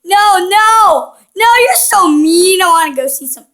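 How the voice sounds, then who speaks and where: Extremely high-pitched and lively in intonation, this woman speaks a little slowly with a somewhat bright tone. As a gaming channel host, she offers casual let's-play commentary, teasing the game's characters in a playful, cheeky way.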